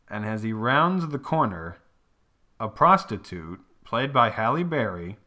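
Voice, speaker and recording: A man's voice: fairly low pitch, sing-song, takes it slowly, sharp tone. A young man hosting a casual movie review, rambling and swearing, laughing often between his complaints. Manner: profane, rambling, laughs often, breaks into exaggerated impressions. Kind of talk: casual solo movie rant.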